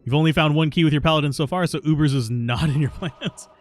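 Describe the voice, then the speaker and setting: A man's voice: fairly high pitch, fast talker. A man streaming a video game live, chatting casually and answering viewers' questions between plays, stubborn and self-mocking. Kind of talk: casual live gameplay commentary.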